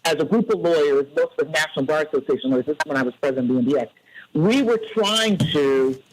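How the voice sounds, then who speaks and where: Man, lawyer guest, high-pitched, halting speech, faint hiss. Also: rough recording. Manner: halting, restarts often. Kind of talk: panel discussion.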